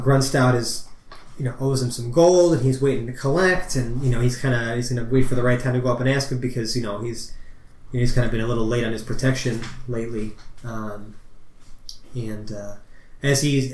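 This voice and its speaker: A man's voice: mid-range voice, darkish tone. A man narrating a tabletop game as game master, rambling and full of fillers. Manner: rambling, filler-heavy, laughing. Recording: roomy echo, faint noise.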